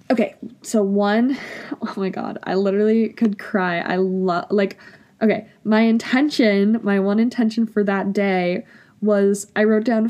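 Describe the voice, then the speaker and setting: A woman's voice: medium pitch, fairly even intonation, a little slow, darkish tone. Emotional young woman chatting about her journal. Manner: gushing, emotional, many filler likes. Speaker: vlogger. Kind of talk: casual chat.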